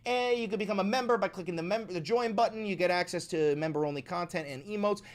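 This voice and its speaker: A man's voice: high-pitched, quick pace. A man in his thirties hosting a reaction stream, talking in a profane, emphatic, ranting way. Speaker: political commentary streamer.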